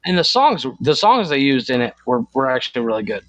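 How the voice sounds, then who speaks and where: A man's voice: medium pitch, very animated, brisk, a bit bright. A man co-hosting a podcast in casual chat, rambling and searching for words. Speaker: podcast co-host.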